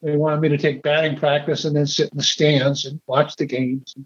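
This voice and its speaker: Older man, fairly high voice, halting storyteller, dull lo-fi recording. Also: level tone, husky. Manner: rambling, halting, repeats words. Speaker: interviewee. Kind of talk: storytelling interview.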